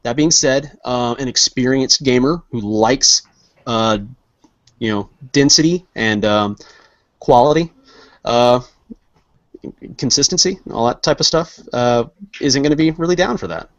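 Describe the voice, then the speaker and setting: A man's voice: medium pitch, a little slow, long pauses. A man chatting on a casual podcast, teasing and joking at length with plenty of ums and uhs. His voice sits in a middle register and sounds dull and lo-fi. The sound is dry, with no room echo. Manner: joking, teasing, rambling with fillers. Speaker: podcast co-host. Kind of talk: casual banter among friends.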